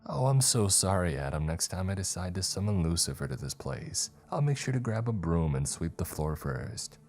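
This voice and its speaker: A man's voice: sits low, moderate pace, a little mellow. A man voicing a scheming teenage boy, sarcastic and conspiratorial. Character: scheming teenage boy planning a prank ritual. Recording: faint music underneath.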